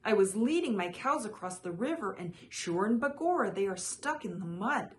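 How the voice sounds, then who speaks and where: A woman's voice: medium pitch, animated, normal speed, a little hiss or hum, natural voice. A woman reading a storybook aloud, voicing a small, courteous male stranger who pleads for help. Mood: pleading.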